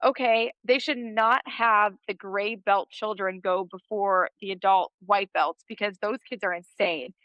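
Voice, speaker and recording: A woman's voice: medium pitch, fairly even intonation, measured pace, hardly any pauses, fairly bright tone, no echo, highs cut off. A woman in her thirties, a podcast guest, telling a story in a casual interview and laughing often.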